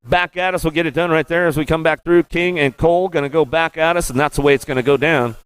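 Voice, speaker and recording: A man calling BMX races live as track announcer, rattling off rider names in a rapid, rhythmic play-by-play and repeating stock phrases. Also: fairly high pitch, fairly even intonation, a bit bright, clean tone, no echo. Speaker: race announcer. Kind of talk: live race commentary.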